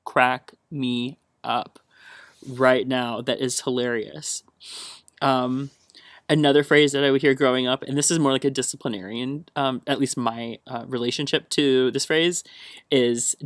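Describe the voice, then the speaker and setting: A man's voice: mid-range voice, fairly even intonation, moderate pace, a bit bright, dry recording, clean studio sound. A young man from the American South rambles on a solo podcast, chatty and hyper on a caffeine buzz. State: wired on caffeine. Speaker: podcast host.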